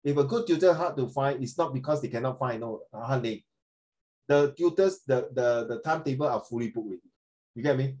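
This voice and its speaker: An older man, teaching a lesson in a chatty, animated way and dropping in Chinese tag words. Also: medium pitch, brisk, low-quality recording. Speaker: tutor. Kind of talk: online English lesson.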